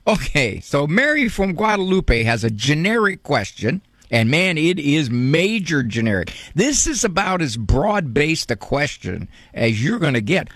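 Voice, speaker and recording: A man's voice: a little high, a bit bright, no room sound, clean studio sound. Playful man hosting a call-in show. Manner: playful, teasing. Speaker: radio call-in show host.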